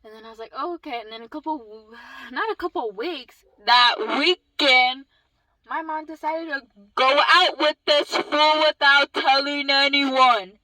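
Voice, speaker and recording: Bright, high-voiced young woman telling a story. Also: measured pace, low-quality recording. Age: young adult. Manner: swearing, animated storytelling with acted quotes. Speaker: vlogger. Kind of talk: casual storytime vlog.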